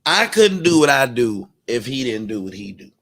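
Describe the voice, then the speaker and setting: A man hosting his own commentary channel, ranting in a casual, profane way and mocking others with quick impressions. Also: mid-range voice, sing-song, a bit bright.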